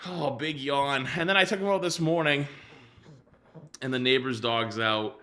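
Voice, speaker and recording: Bright-voiced man chatting casually. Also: medium pitch, measured pace. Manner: rambling, loose, swears casually. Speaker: streamer. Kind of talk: casual chat to a live stream.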